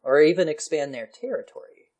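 A man's voice: fairly high pitch, expressive, a little fast, darkish tone. Male podcast co-host, casual storyteller, easygoing and playful. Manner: chatty, laughs often, slips into playful voices for historical figures. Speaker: podcast co-host explaining history. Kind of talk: casual history podcast chat.

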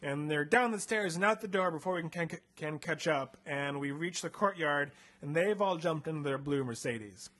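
A young man with a slightly higher-pitched voice retells a story in a loose, playful way for a comedy podcast. He talks casually, leaning on fillers like "like" and "um" as he goes. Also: expressive, normal speed, few pauses, fairly bright tone. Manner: chatty, full of "like" and "um" fillers, playful. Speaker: podcast host reading a choose-your-path book aloud.

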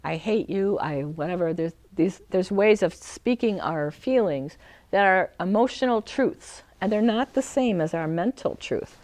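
A middle-aged woman teaching an emotional healing practice in a gentle, earnest way, acting out feelings in short quoted lines. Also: mid-range voice, lively intonation, unhurried, no room sound. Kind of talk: reflective teaching talk.

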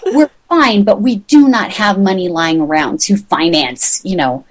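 A woman's voice: a little slow, poor audio. A middle-aged woman telling a rambling story in an interview and acting out the voices of the people in it. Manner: chatty, rambling, acts out quoted voices with big pitch jumps. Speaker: magazine founder, guest.

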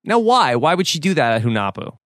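A man hosting an interview, asking quick questions and teasing his guest. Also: on the high side, big pitch swings, fairly bright tone, no echo, clean studio sound. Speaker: podcast host.

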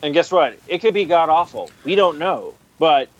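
A man in a casual podcast chat, telling stories excitedly and acting out his own reactions. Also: a little high, moderate pace, lo-fi sound. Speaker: podcast co-host.

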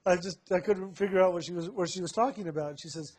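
Man, slightly higher-pitched voice, reflective personal storyteller, unhurried with soft laughs. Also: husky.

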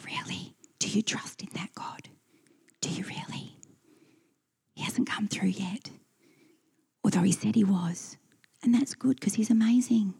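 A woman voicing a sly devil figure in a soft whispered role-play, sowing doubt. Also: mid-range voice, creaky, slightly rough, heavily acted.

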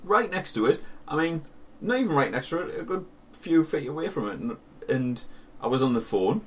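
A man's voice: a little high, expressive, moderate pace, distant mic. A young man with a Sunderland accent, co-hosting a podcast and telling a story animatedly, with swearing and laughter. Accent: Northern English (Sunderland). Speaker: podcast co-host. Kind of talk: casual chat.

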